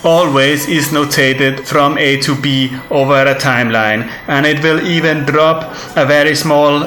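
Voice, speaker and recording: A man composer giving a meandering, repetitive spoken lesson, often halting on purpose. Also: a little high, steady tone, slight background noise. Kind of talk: rambling spoken lecture. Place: large music venue. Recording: echoey room with loud music. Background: loud music.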